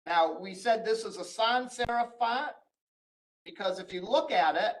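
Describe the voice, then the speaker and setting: High-voiced man lecturing on code. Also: unhurried, fairly bright tone, poor audio. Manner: explains step by step, frequent "uh" and restarts. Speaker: college instructor. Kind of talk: recorded screen-share lecture.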